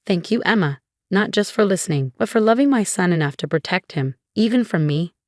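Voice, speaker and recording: A woman's voice: medium pitch, lively intonation, fairly quick, dry recording, clean studio sound, lightly acted. Woman reading as a remorseful older mother-in-law. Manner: soft, apologetic.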